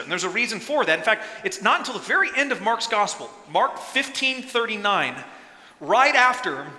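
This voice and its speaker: Animated pastor in an echoey hall. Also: male voice, high-pitched. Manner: animated, acts out quotes with sudden loud bursts. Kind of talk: sermon. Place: church sanctuary.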